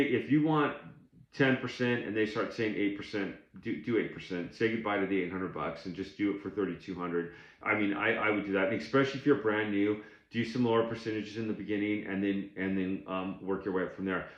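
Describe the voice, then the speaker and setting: Guy with a lowish voice giving blunt business tips, echoey room. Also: lo-fi sound. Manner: plainspoken, blunt, with frequent restarts. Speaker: tax overage business coach. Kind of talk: casual instructional talk to camera.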